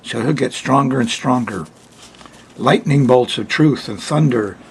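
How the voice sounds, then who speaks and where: A man's voice: mid-range voice, measured pace, vocal fry, a little hiss or hum. An older man hosting an astrology forecast in a chatty, folksy way, laughing often between points. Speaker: astrologer hosting a weekly sky report. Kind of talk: casual spoken forecast.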